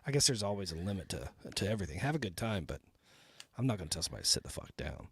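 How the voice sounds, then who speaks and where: A man's voice: deep voice, very animated, racing, husky, no room sound, clean studio sound. A man from Texas hosting a comedy podcast, talking bluntly and with plenty of swearing. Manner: blunt, profane, emphatic. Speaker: podcast host. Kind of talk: casual comedy podcast chat.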